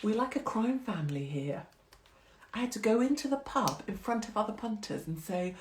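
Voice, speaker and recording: A woman's voice: medium pitch, sing-song, normal speed, echoey room, background noise. Chatty, swearing middle-aged woman livestreaming. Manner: chatty, rambling, swears freely, self-mocking. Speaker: host of a live social-media stream. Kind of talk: casual chat with live viewers.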